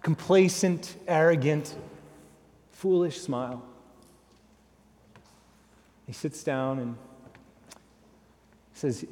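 A man's voice: a little high, drawn-out words, long pauses, a little mellow. A man preaching a sermon as a dramatic storyteller who acts out the lines of the people he describes. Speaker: guest preacher. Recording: long hall reverb.

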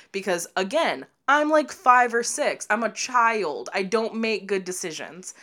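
A woman's voice: medium pitch, moderate pace, few pauses. A young woman in casual podcast chat, telling a family story with lots of laughter and acted-out voices of relatives. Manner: animated, laughing often, acts out quoted family voices.

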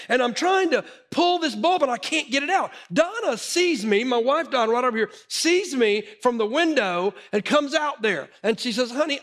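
A middle-aged man delivers a sermon in a high-pitched voice. He tells animated personal stories and often stumbles and restarts his sentences as he goes. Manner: animated storytelling with frequent restarts. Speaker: pastor.

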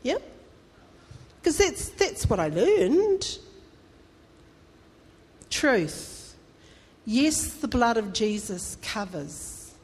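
A woman's voice: fairly high pitch, very animated, very slow, long pauses, slightly rough. Woman preaching in a reverberant hall. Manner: conversational, emphatic, rising to fervent appeals. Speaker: pastor. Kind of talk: sermon.

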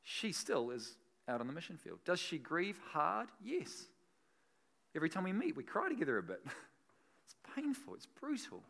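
A man preaching a sermon as pastor, animated, swinging between soft and loud and laughing between points. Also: on the high side, normal speed, vocal fry.

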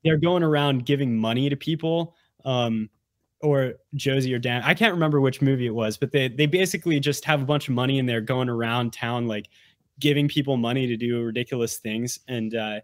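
A man's voice: medium pitch, fairly quick, no room sound. Rambling enthusiastic man, dry close mic. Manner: rambling, enthusiastic, many fillers. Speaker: podcast guest. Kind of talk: casual chat.

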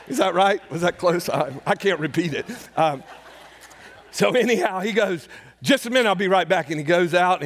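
An older man preaching a sermon, telling a personal story in a conversational way and acting out the dialogue. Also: a little high. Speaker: pastor. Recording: hall reverb.

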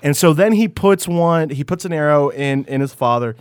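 A man's voice: animated, normal speed, clear, resonant tone, no echo, studio quality. A man co-hosting a casual podcast, recapping a TV episode with lots of stammering restarts and swearing. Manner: rambling, stammering restarts, swearing, acts out quotes in a high voice. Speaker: podcast co-host.

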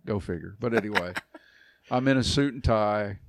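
A man around sixty, a youth pastor, tells a long story in a relaxed podcast chat, acting out quoted voices and laughing often. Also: fairly low pitch, normal speed, a little hiss or hum. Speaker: youth pastor and church elder.

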